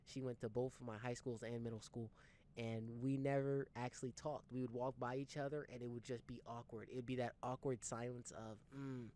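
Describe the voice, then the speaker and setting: A man's voice: medium pitch, flat delivery, fairly quick, warm tone. A young man casually telling a personal story, rambling and slangy, with some swearing. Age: young adult. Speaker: story time channel host.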